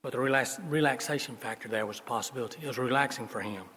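Preacher guy, husky voice, folksy stories, big echoey hall. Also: medium pitch, rapid-fire. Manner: folksy storytelling, swings between loud emphasis and soft asides. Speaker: pastor. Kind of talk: sermon. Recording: long reverb of a large hall.

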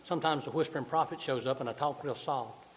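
A man's voice: mid-range voice, quick pace, slight background noise. A man preaching a sermon, joking and folksy, moving around as he talks. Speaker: pastor. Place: church sanctuary with balcony. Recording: long church reverb.

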